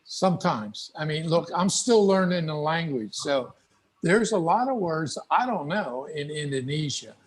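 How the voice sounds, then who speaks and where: American man, middle-aged, husky voice, fairly high pitch, relaxed folksy talk. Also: unhurried. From United States. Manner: relaxed, folksy, acts out little dialogues. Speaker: guest speaker. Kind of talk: casual advice to English learners.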